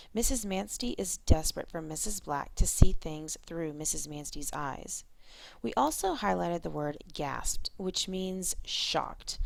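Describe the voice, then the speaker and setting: A woman teacher explaining a reading lesson in a clear, methodical way. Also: low voice, a little mellow.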